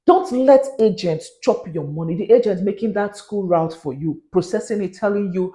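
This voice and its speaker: A woman's voice: medium pitch, normal speed, hardly any pauses, mellow, reverberant. A woman, talking earnestly to camera in a vlog and giving warnings, sometimes dropping into pidgin. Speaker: vlogger.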